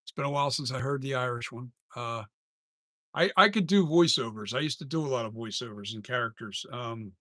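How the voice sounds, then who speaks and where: A man's voice: medium pitch, lively intonation, fast, sharp tone, dry recording, studio quality. A man who makes masks, chatting casually on a live stream, rambling and often trailing off and restarting sentences. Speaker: mask maker and live streamer.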